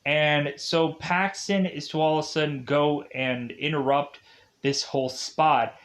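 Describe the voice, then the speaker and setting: A man's voice: fairly high pitch, steady tone, unhurried, a bit bright. A man giving a casual, rambling plot recap of a movie, full of fillers and self-corrections. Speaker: movie reviewer.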